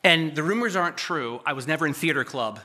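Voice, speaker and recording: A man preaching a sermon, reading scripture aloud and breaking off into animated asides to the congregation. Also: a little high, fast talker, noisy background. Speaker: pastor.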